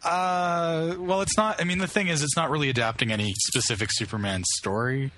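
A man's voice: a little high, steady tone, a little fast, pushed and bright, slight background noise. A man co-hosting a casual podcast, rambling through a story with many restarts. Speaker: podcast co-host. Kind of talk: casual chat.

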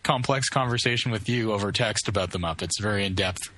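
A man's voice: fairly low pitch, quick pace, pushed and bright. A man co-hosting a casual podcast, rambling through a story with many restarts. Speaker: podcast co-host. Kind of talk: casual chat.

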